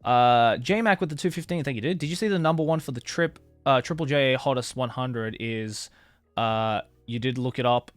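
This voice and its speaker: A young man with a mid-range voice streams casually at a moderate pace, with no room sound. He rambles about music in livestream chat, full of fillers and casual swearing.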